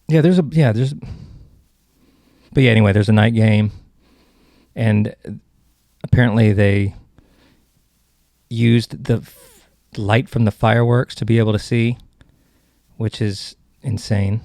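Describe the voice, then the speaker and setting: A man's voice: lowish voice, measured pace, pauses often, a little mellow, no echo, clean studio sound. A man hosting a comedy podcast, rambling through jokes and cutting himself off mid-sentence. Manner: rambling, self-interrupting, joking. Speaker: podcast host.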